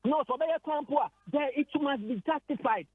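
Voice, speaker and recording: A man's voice: very high voice, normal speed, darkish tone, no room sound, rough recording. A man with a Ghanaian accent talking sports on the radio, getting emotional, hesitating and repeating words as he switches between Twi and English. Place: radio studio.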